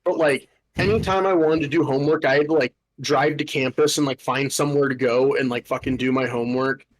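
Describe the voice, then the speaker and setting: A young podcast host tells a story in a casual, exasperated rant, swearing and saying "like" constantly. His medium-pitched voice stays steady and moves briskly. The recording quality is low.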